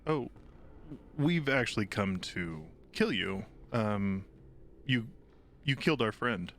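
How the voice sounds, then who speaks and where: A man playing a tabletop game, his lowish voice bright and forceful. He delivers his lines in a dry, deadpan way, with faint steady noise behind him. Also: takes it slowly. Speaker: player.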